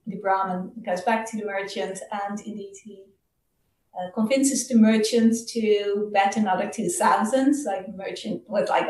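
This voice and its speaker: A woman casually retelling a Buddhist story during a Dhamma talk, halting and full of fillers. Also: medium pitch, fairly even intonation, darkish tone, slight background noise. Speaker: Dhamma speaker. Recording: roomy, distant mic.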